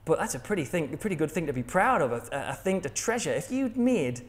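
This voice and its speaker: Jokey English preacher, slightly high voice. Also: male voice, sing-song, a little fast. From England. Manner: jokey, conversational, laughs at his own jokes. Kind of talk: sermon.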